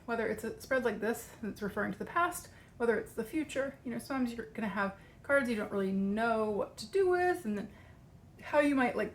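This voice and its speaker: A woman's voice: medium pitch, slight background noise. A woman speaks in a middle-range voice, short of breath as she talks. She rambles in a chatty way through a casual video walkthrough of a tarot practice. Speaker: tarot coach and channel host.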